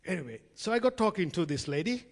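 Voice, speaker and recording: A man's voice: high-pitched, big pitch swings, quick pace, creaky. A man preaching a sermon to his congregation, chatty and storytelling, calling them friends and acting out the voices of people in his stories. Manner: conversational, addresses congregation as friends; acts out quoted voices in storytelling. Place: church hall. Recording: long reverb in a large hall.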